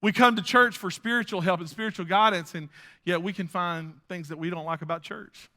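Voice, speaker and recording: A male pastor preaching a sermon in an animated way, swinging from loud bursts down to hushed asides. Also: sits high, fairly quick.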